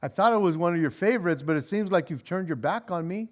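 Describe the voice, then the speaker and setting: Speaking fast in a high, light voice, a pastor teaches scripture during a church Bible study. He's animated and conversational, tripping over and repeating words, and laughs readily between points.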